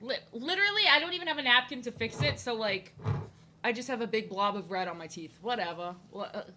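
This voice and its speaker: A young woman with a somewhat high, bright, forceful voice rambles playfully on a drawing stream. She greets viewers as they arrive and keeps stumbling into quick restarts. Her casual chat has a faint hiss behind it. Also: lively intonation. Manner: frequent stammered restarts. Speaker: art streamer.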